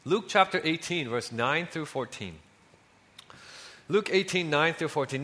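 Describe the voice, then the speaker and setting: A man preaching a sermon in a conversational way, often dropping soft on key lines. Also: on the high side, lively intonation, a little slow, pauses often. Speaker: pastor.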